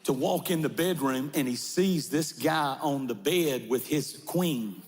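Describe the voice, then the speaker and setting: A man preaching a sermon to a large church congregation, impassioned, retelling a story and shouting at the peaks. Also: mid-range voice, lively intonation, a little slow, big-room sound. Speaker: pastor.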